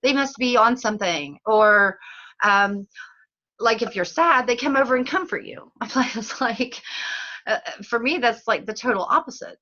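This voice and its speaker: A woman hosting a casual teleseries chat, bubbly and quick to laugh, who acts out little voices as she talks. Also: fairly high pitch, sharp tone, muffled recording. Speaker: host. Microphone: phone or call line.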